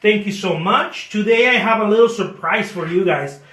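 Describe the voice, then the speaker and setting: Playful, high-voiced artist chatting while painting. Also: male voice, moderate pace, pushed and bright, reverberant. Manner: playful, self-mocking boasts; chatty, thanks viewers by name. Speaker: artist painting live for viewers. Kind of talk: casual live-stream chat while painting.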